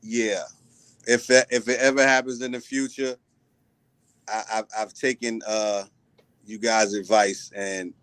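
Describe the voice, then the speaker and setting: A man's voice: fairly low pitch, flat delivery, a little slow, pauses often, fairly bright tone, clear, resonant tone, no room sound, clean studio sound. A man talking as a guest in a casual live-stream chat, laid-back, often stammering and restarting. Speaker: guest and musician.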